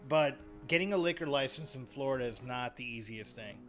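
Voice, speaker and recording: A man streaming a horror video game live, chatting casually, getting excitable and swearing often. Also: medium pitch, a little fast, soft background music. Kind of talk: casual live gameplay commentary.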